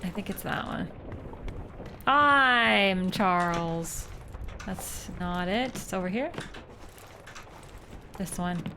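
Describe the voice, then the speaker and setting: A woman's voice: on the low side, unhurried, gravelly, long pauses, background noise. A young woman from Canada, a streamer thinking aloud playfully while playing a game live and chatting with viewers. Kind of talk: live gameplay commentary.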